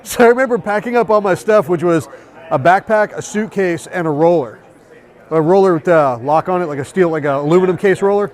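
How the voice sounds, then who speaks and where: High-voiced man telling profane travel stories. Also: fairly quick. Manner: profane, animated storytelling with quoted voices. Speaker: tattoo artist guest. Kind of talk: casual chat. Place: busy tattoo convention.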